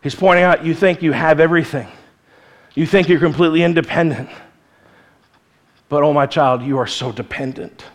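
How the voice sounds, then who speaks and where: A male pastor giving an earnest, conversational sermon in a church, mixing scripture with lively asides. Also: on the high side, normal speed, long pauses.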